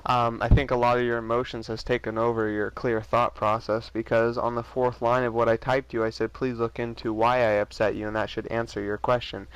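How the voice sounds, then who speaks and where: A man's voice: medium pitch, flat delivery, fairly quick, hardly any pauses, smooth, no echo, highs cut off. A man trolling in a voice chat argument, teasing in a mock-solemn, preachy manner. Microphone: voice chat microphone.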